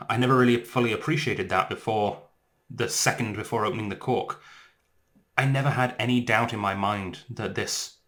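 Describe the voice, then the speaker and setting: A man with an English accent, hosting a casual whisky tasting vlog in an excitable, enthusiastic way. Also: fairly low pitch. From England. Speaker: whisky reviewer.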